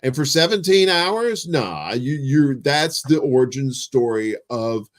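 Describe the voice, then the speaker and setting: Animated, joking man on a podcast. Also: medium pitch, a little slow. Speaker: podcast co-host. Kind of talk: casual comedic chat. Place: Chicago home setup, remote.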